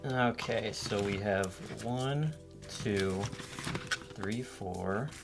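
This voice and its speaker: A man's voice: on the low side, very slow, creaky. A man giving casual, dry and sarcastic unboxing commentary on his vlog. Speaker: vlogger. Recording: loud music behind.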